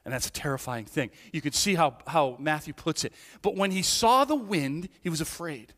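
A man preaching with a fairly high voice that drops low and soft, then climbs to emphatic peaks. He restarts often and checks in with the congregation as he goes. His words ring out with a long hall reverb. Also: normal speed. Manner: animated, swings from hushed to emphatic, frequent restarts and "right?". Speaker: pastor. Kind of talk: sermon.

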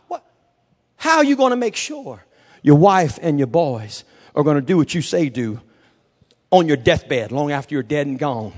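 A man pastor preaching a sermon, moving from quiet storytelling to shouted, fervent declarations. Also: fairly high pitch, very animated, measured pace.

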